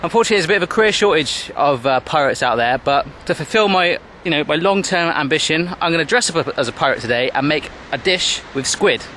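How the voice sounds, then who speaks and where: A man hosting his cooking show in a home kitchen, talking to a camera on a tripod. He rattles along at a quick pace in a slightly high voice, joking as he goes. The kitchen sounds echoey, with faint noise behind him. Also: animated, sharp tone. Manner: playful, jokey and chatty. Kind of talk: casual cooking demonstration.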